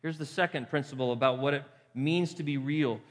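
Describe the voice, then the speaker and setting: A man's voice: mid-range voice, a little fast. Man preaching in a reverberant hall. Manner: conversational, asks the crowd rhetorical questions; repeats phrases for emphasis. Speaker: pastor. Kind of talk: sermon.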